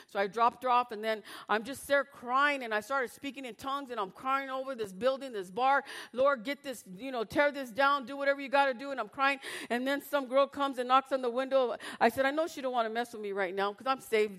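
A woman with a high voice preaches in a church, and her words ring out with a long hall echo. She reads scripture loudly and with fervor, then drops to a hushed voice for personal stories. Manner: impassioned, shifts from loud scripture reading to hushed storytelling. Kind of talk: sermon.

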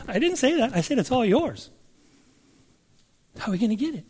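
A man's voice: extremely high pitch, big pitch swings, fairly quick, long pauses, a little mellow, slightly rough. A man preaching a sermon, reading scripture aloud and asking the listeners emphatic questions.

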